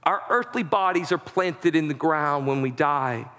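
A man preaching a sermon as pastor, with impassioned delivery that rises to shouting at its peaks. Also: a little high, measured pace. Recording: long hall reverb.

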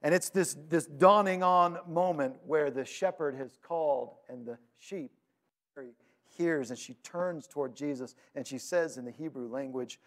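A man preaching a sermon, retelling scripture with dramatic swings between loud urgency and hushed quiet. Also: on the high side, expressive, moderate pace. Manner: storytelling, paraphrasing scripture. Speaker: pastor.

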